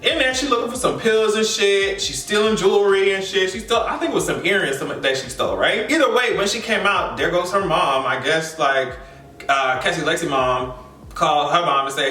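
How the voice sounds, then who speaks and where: A man with a high, bright voice recaps a show in a lively, expressive way, full of slang and cursing. He sounds somewhat distant from the mic in an echoey room. Faint music plays behind him. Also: normal speed. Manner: animated, expressive, heavy slang and profanity. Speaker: recap vlogger. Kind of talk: casual reaction recap.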